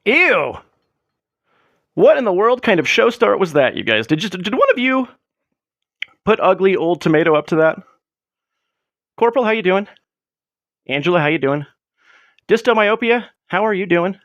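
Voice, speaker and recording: A man's voice: high voice, animated, normal speed, pauses often, no echo, muffled recording. A man hosting a casual livestream from a room at home, rambling with joking, sarcastic asides. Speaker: livestream host.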